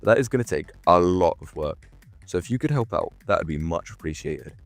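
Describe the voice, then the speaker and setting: A man with a deep, low-pitched voice narrates a scripted video commentary as its host. He delivers sarcastic, mock-serious jabs in a dry tone, with faint music running behind him. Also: expressive, a little fast, creaky, no echo. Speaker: YouTube host.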